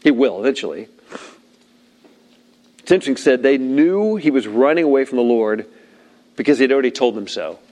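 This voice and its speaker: A man preaching a sermon as a pastor, animated and conversational, slipping into voices and asides to act out scenes. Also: mid-range voice, brisk, long pauses. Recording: long hall reverb.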